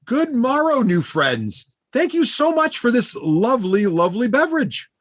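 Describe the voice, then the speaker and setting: A man's voice: very high-pitched, very animated, moderate pace, no room sound, voice pushed up, exaggerated voice. A man voicing a flamboyant, self-important halfling bard with a grand, theatrical manner. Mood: cheerful.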